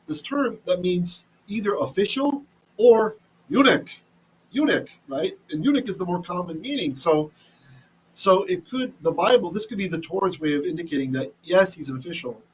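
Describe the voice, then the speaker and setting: A man's voice: high voice, lively intonation, moderate pace, breathy edge, poor audio. A man teaching a casual Bible lesson, chatty, often restarting and asking "right?", reading Hebrew with an Ashkenazi accent. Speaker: Torah teacher.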